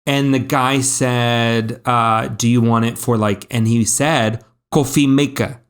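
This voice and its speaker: Podcast co-host, man, mid-pitched, animated chatty storyteller. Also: takes it slowly, smooth. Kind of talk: casual podcast chat.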